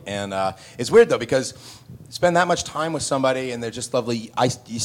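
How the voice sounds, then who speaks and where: A man, an actor answering fan questions on a panel, telling stories in a lively way, acting out other people's lines and laughing often. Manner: animated, acts out other people's lines with loud jumps in pitch. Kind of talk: panel Q&A storytelling.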